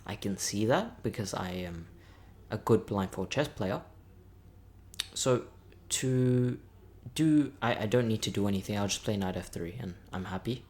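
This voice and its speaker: A man's voice: on the low side, unhurried, a little mellow, a little hiss or hum. A man, a bit tired, chatting upbeat as a chess content creator and thinking aloud while calling out and muttering his blindfold chess moves.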